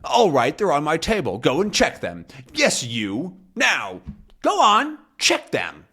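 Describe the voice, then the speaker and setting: A man reading a comic aloud, voicing a gruff, irritable male sea captain who talks in a blustering, sarcastic way. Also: on the high side, huge pitch swings, slow pace, pushed and bright, voice pushed up, heavily acted. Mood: indignant.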